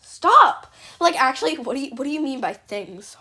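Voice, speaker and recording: A woman's voice: high voice, animated, fast talker, fairly bright tone. A young woman hosting a reaction video, making blunt, rambling asides and swearing freely. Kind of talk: casual reaction commentary.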